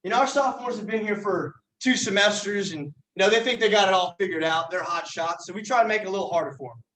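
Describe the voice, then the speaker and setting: A young man, a yell leader, explaining chants with a folksy, teasing delivery. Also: high voice, fast. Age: young adult. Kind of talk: joking instructional talk. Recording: echoey room from far off.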